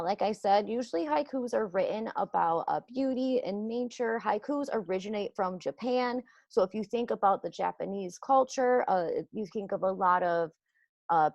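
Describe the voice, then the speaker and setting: A woman teacher walks young children through a lesson, slowly and patiently. Her voice has a gravelly, fry-tinged edge. The sound is close and dry, with no room around it. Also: mid-range voice, darkish tone, no room sound. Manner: slow, patient, explaining step by step.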